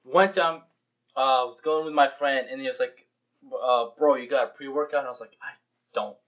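Young man, casual podcast chat, animated, acts out dialogue, swears freely, muffled lo-fi sound. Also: mid-range voice, moderate pace. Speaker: podcast co-host. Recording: dull lo-fi podcast audio.

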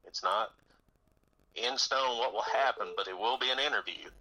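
Bright-voiced man on a radio interview. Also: mid-range voice, moderate pace, low-quality recording. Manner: easygoing, laughs often, repeats words. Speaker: guest musician. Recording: radio broadcast sound.

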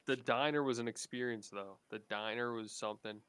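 A man's voice: mid-range voice, brisk, a bit bright, clear, resonant tone. A man in a casual group chat speaking in a playful way, with a mock-preachy tone.

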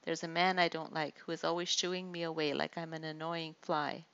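A cocky teenage bully who drags out his taunts, slow and sneering, as a woman reads him. The voice sits low with a gravelly edge. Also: level tone, a bit bright, highs cut off. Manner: mocking, slow deliberate taunting.

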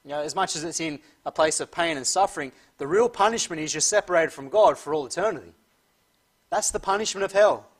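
A man preaching a sermon who reads scripture slowly and emphatically and often clears his throat. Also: fairly high pitch. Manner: slow, emphatic reading of scripture.

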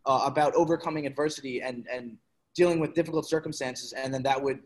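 A man's voice: mid-range voice, steady tone, fast talker. A man co-hosting a podcast in casual chat, rambling with many restarts. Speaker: podcast co-host.

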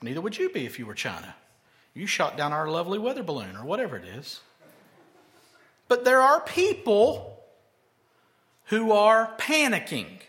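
High, animated preacher. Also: male voice, moderate pace, pauses often. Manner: conversational, emphatic, rhetorical questions to the congregation. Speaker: pastor. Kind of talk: sermon.

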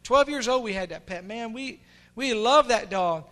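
A middle-aged man preaching a sermon as pastor, impassioned, dropping to hushed tones and rising to shouts. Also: extremely high pitch, expressive, normal speed.

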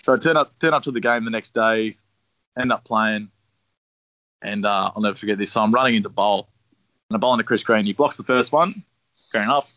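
A man's voice: fairly low pitch, a little fast, long pauses, fairly bright tone, no echo. A young man with an Australian accent, casually telling a long anecdote, laid-back and swearing freely. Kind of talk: casual storytelling. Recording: dry, slightly dull sound.

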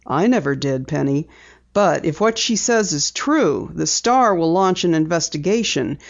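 A woman reader voicing a gruff middle-aged male newspaper editor who asks brisk, pointed questions. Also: low voice, lively intonation, muffled recording, full character voice.

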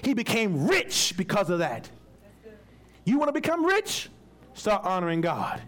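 A man in the pulpit, high-pitched and expressive, preaching in a loose, colloquial way. He slips into acted-out voices to make his points and keeps the congregation involved. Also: a little slow. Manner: teaches with props and volunteers, calls on readers. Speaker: pastor. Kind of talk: sermon.

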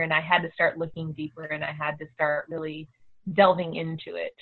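Animated woman on a tinny line. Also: sits low, normal speed. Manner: animated, acts out quoted dialogue. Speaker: homeschooling mother. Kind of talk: casual storytelling. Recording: tinny phone-like audio.

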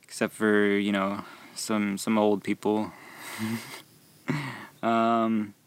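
A young man who works at a movie theater concession stand, telling rambling, animated stories about customers and laughing as he goes. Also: on the low side, drawn-out words, smooth. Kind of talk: casual storytelling about work.

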